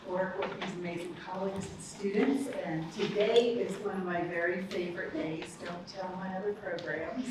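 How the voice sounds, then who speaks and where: A woman, a college dean giving an upbeat, chatty ceremony speech that speaks straight to the audience. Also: mid-range voice. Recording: echoey hall, distant mic, background noise.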